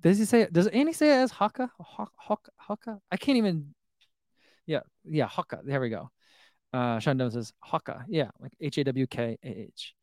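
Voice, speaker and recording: A man's voice: on the high side, expressive, moderate pace, darkish tone, no room sound, clean studio sound. A man in his thirties chatting casually on a live stream, reading viewer comments aloud, rambling and chuckling. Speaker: running shoe vlogger reading live chat.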